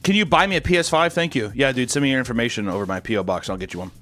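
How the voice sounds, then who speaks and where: A man's voice: medium pitch, very fast, fairly bright tone, faint music behind. A young man streaming, reading out fan messages in a crude, joking, sarcastic casual chat.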